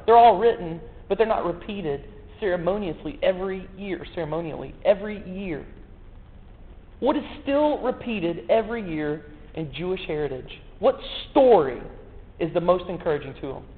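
A man preaching a sermon in a folksy, joking way, full of rhetorical questions. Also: sits high. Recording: echoey hall, tinny phone-like sound.

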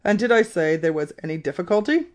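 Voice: medium pitch, steady tone, moderate pace, close to an everyday voice. A reader voicing an irritable, proud old male professor in an audiobook, speaking fiercely and impatiently. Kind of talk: audiobook character reading.

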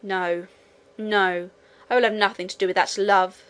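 A woman's voice: medium pitch, fairly even intonation, unhurried, close to an everyday voice. A woman reading the lines of a proud, ambitious young nobleman in an audiobook, with a haughty, grandiloquent delivery. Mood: impassioned.

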